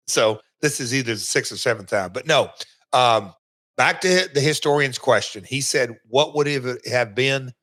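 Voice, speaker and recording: A middle-aged man with a Southern accent, hosting a podcast and reminiscing in casual chat, often pausing with fillers and restarts. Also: mid-range voice, lively intonation, bright, forceful tone. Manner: halting, lots of fillers and restarts. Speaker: podcast host, former wrestler.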